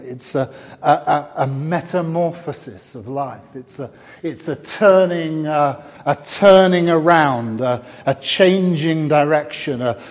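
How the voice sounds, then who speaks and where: Slow-paced preacher in an echoing church. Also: male voice, fairly high pitch. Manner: warm storytelling with frequent fillers and restarts. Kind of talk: sermon. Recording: dull sound with long hall reverb.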